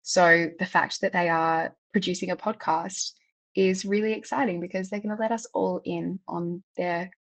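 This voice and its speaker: A woman's voice: on the low side, steady tone, normal speed. A woman with an Australian accent giving an affectionate, enthusiastic recorded message.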